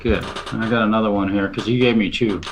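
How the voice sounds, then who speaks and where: A man's voice: fairly low pitch, steady tone, fast talker, noisy background. A man hosting a live online guitar jam in a casual, joking way. He laughs often and swears easily. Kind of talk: casual chat. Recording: guitar music playing behind. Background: guitar music.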